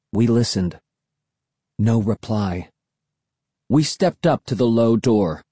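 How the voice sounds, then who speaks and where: A man narrating a first-person suspense story, reading expressively and dropping to a hush for tense moments. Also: fairly low pitch, takes it slowly, long pauses, husky, no echo. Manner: expressive, hushed for suspense, raised for shouts. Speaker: audiobook narrator.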